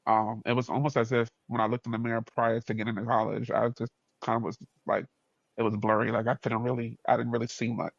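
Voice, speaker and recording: A man from New York with a New York accent, a podcast guest telling a story in casual conversation, animated, acting out dialogue with jumps in pitch and frequent laughter. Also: gravelly, husky, no room sound. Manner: animated, acts out dialogue with quick shifts up in pitch, laughs often. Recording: dull, dry podcast audio.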